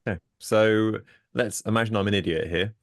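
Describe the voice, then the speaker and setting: A man's voice: lowish voice, normal speed, no echo, studio quality. A man hosting an interview, asking rambling, self-deprecating questions and laughing easily. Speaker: podcast host. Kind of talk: casual interview chat.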